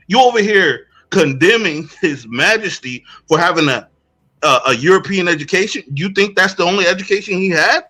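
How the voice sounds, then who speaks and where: A man's voice: a little high, fairly bright tone, rough recording. A man giving a heated commentary rant, emphatic and preachy, firing off rhetorical questions. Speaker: online commentator.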